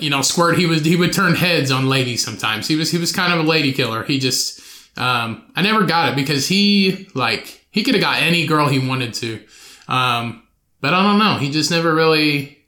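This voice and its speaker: Young male podcast host, loose and profane, slightly high, bright tone, echoey room. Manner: profane, rambling, animated storytelling with laughs. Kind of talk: solo podcast storytelling.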